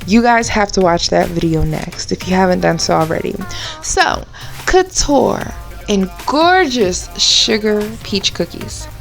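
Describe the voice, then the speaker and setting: A woman's voice: mid-range voice, expressive, unhurried, vocal fry, soft background music. Chatty woman hosting a baking tutorial. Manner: chatty, bubbly, talks straight to viewers. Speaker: baker and cake channel host.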